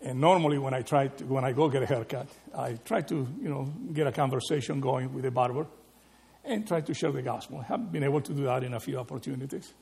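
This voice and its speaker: A man preaching a sermon, animated and conversational, often asking his listeners "right?". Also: medium pitch, fast, vocal fry. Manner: animated, rhetorical questions with frequent "right?". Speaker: pastor.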